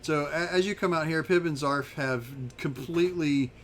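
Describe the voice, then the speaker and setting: A man narrating a tabletop game as game master, casual and halting with many fillers. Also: on the high side, a bit bright, slight background noise.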